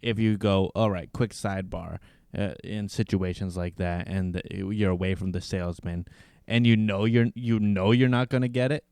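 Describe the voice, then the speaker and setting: A man in casual podcast chat, making wry, drawn-out remarks. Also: lowish voice, fairly even intonation, a little mellow, clear, resonant tone, no echo, clean studio sound.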